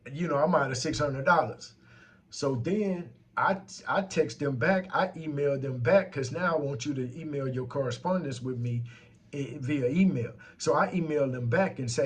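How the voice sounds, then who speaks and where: A man's voice: mid-range voice, breathy edge. A man telling a story about a complaint in a casual, heated and profane rant.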